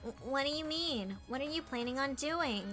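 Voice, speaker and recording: Anxious girl classmate from a game, streamer lady doing her, high bright voice, faint music. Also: animated, moderate pace. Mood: worried.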